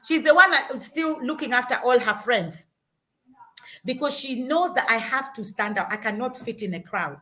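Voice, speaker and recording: A woman's voice: a little high, lively intonation, moderate pace, pushed and bright. A middle-aged Kenyan woman with a Kenyan accent, giving earnest parenting advice in an emphatic, repetitive storytelling way. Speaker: parenting guest.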